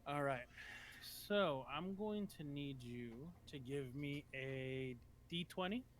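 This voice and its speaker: A man's voice: a little high, expressive, slow pace, a little hiss or hum. A man narrating as game master for a tabletop game, rambling with many ums and restarts.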